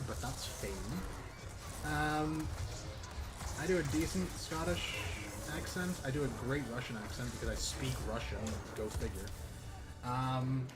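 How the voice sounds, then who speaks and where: Over game music and a lot of noise, a man with a fairly high voice streams a video game, chatting casually, cracking jokes and swearing freely.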